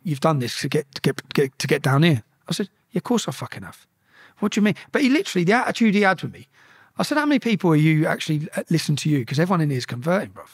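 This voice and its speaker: A man telling a story as a podcast guest, animated and profane, acting out the shouted exchanges. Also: on the high side.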